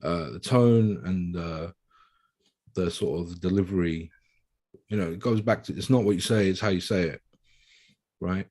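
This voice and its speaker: A man's voice: sits low, moderate pace, pauses often, darkish tone. A man on a casual group video call who explains his points and acts out example sentences. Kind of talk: casual panel discussion.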